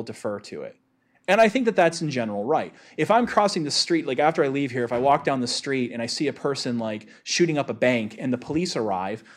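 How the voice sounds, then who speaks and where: A man giving a lecture in a casual way, with many filler words. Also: mid-range voice.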